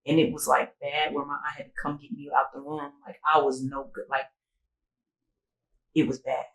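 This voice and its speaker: A woman's voice: extremely low pitch, moderate pace, vocal fry, roomy sound, poor audio. A woman telling a personal story on a casual podcast. She talks loosely and animatedly, full of "like" and "I was like," and acts out what others said. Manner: animated storytelling, acting out quoted dialogue, frequent "like"; sobering, emotional retelling. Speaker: podcast co-host.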